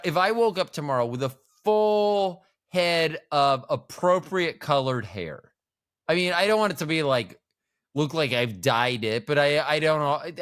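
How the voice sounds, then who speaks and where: A man's voice: on the high side, a bit bright. A middle-aged man co-hosting a podcast, rambling through playful jokes in casual chat. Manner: rambling, playful, jokey asides. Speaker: podcast co-host.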